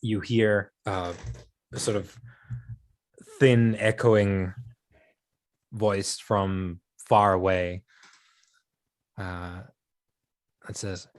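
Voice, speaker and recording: A man narrating as game master of a tabletop game, halting and full of fillers and laughs. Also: fairly low pitch, steady tone.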